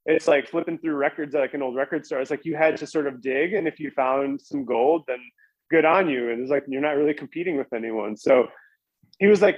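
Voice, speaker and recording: A man's voice: fairly high pitch, a little fast, dry recording, lo-fi sound. A man casually telling a long story as a podcast guest, rambling with lots of "like" and restarts.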